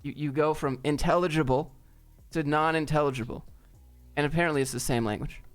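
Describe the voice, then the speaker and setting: A man's voice: on the high side, fairly even intonation, brisk, soft background music. A man hosting a casual live stream and answering viewer chat in a laid-back, joking, off-the-cuff way.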